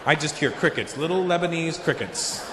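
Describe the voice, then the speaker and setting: Animated male comic in a big echoey arena. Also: fairly high pitch, fairly quick, very noisy. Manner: animated storytelling, acts out dialogue, swears. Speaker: stand-up comedian. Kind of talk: stand-up comedy performance. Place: large arena stage.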